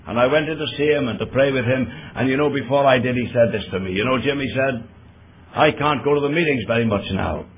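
A man's voice: medium pitch, fast. A man preaching a sermon earnestly, pointing his listeners to scripture with shifting emphasis. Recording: dull lo-fi recording with faint background noise.

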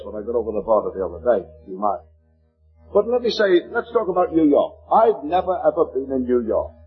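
High-voiced Liverpool preacher, lo-fi tape. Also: male voice. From Liverpool, England. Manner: slows to a measured cadence when reading scripture aloud. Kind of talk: sermon.

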